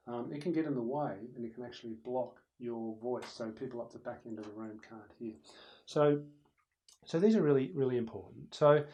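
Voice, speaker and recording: A man of medium pitch, heard on a rough recording, teaches presentation skills in conversational fashion for a recorded lecture. A camera operator is in the room, and he speaks both to the viewer and to someone there. He is animated and illustrates the difference between a loud voice and a soft one.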